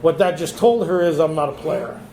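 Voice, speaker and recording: A man with a high voice shares his story at a recovery retreat, voicing the people he quotes as he goes. His voice rings in an echoey meeting room with a faint hiss behind it. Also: moderate pace, gravelly, darkish tone. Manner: storytelling, acts out quoted dialogue. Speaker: retreat speaker. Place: meeting hall.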